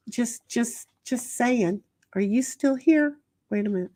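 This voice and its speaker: A woman's voice: a little high, measured pace, mellow, no echo. A woman hosting a casual livestream, chatting with her viewers in a rambling, profane way full of restarts. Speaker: livestream host reading chat.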